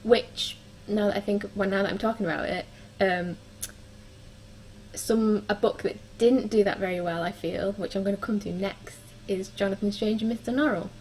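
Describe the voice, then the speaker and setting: A woman's voice: medium pitch, fairly even intonation, normal speed, a little mellow, a little hiss or hum, low-quality recording. A young woman chatting casually through her book reviews, with frequent ums and likes. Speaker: book vlogger.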